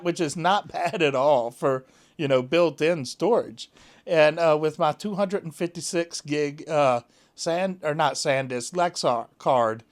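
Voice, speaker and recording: A vlogger chats casually to camera at home, rambling with plenty of fillers and restarts. His fairly high voice comes across smooth and clear, and he talks slowly, taking his time.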